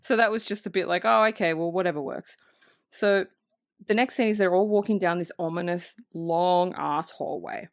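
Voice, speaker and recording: A woman co-hosting a podcast recaps a film in a casual, animated, and profane way. Her voice is fairly low, at normal speed, captured in a dry, clean studio recording.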